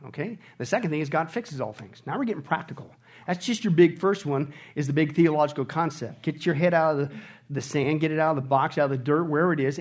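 A middle-aged male pastor preaching a sermon, animated and often shouting on his high points.

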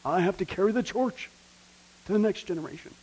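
A man teaching a Bible study as pastor, animated and joking, acting out the voices he quotes. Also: sits high, a little fast, husky, low-quality recording.

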